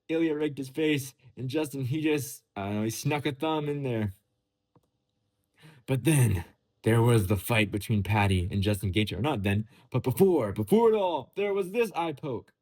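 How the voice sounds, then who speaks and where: A man giving casual, joking commentary while walking through photos, sarcastic and playful, his pitch leaping up and dropping back down. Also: darkish tone. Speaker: MMA commentary vlogger.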